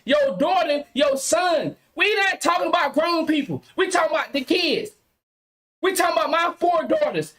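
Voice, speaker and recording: A woman's voice: sits high, a bit bright. A woman hosting a podcast livestream, talking emphatically and repeating her points to her viewers. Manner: emphatic, preachy, repeats phrases. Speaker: podcast host. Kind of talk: casual livestream commentary.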